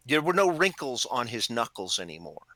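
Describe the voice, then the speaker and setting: A man and army veteran, telling stories in a casual chat in an animated, wry way. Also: mid-range voice, moderate pace, no echo.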